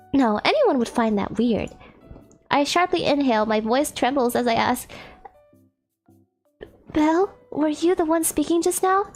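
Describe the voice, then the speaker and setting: A woman streamer reads a dating visual novel aloud and jokes between the lines. Her voice is high and playful and giggly. Soft game music plays faintly behind her.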